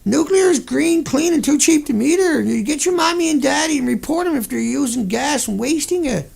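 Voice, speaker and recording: A man's voice: extremely high pitch, animated, brisk, vocal fry, darkish tone, voice pushed up, exaggerated voice. A man putting on the voice of a smug, dismissive male nuclear industry spokesman in a condescending, mocking sing-song. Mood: mock-cheerful.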